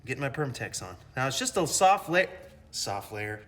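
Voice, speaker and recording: A man's voice: medium pitch, very animated, normal speed, fairly bright tone. A middle-aged man chatting casually while working in his home garage, joking and poking fun at himself. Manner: joking, self-mocking, rambling. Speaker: hobby mechanic host.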